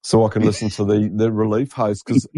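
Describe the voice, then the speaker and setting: A man's voice: fairly low pitch, little pitch movement, brisk, mellow, no echo, studio quality. Swearing Australian man in casual chat. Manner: loose, swearing, many restarts. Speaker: podcast co-host.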